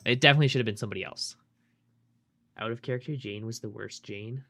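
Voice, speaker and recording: A young male streamer talks casually with his chat while he plays, dropping swear words as he goes. His voice sits at an ordinary middle pitch for a man, and his manner is relaxed and off the cuff. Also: quick pace. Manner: loose, swearing, chatting with viewers.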